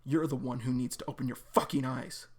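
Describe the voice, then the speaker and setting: A man's voice: mid-range voice, fairly even intonation, fairly quick, darkish tone, breathy edge, natural voice. A man voicing a bitter, angry young man in a webcomic read-aloud, scornful and cursing. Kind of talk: reading a webcomic aloud with voices.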